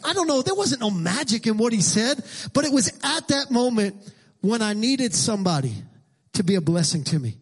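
A middle-aged man preaching a sermon as pastor, emphatic and repetitive, rising into shouted lines. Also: very high-pitched, big pitch swings, moderate pace, husky.

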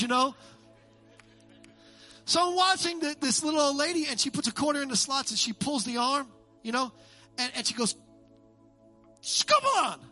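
A man preaching a sermon as a pastor, animated and joking with his congregation in a church. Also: very high-pitched. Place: church sanctuary.

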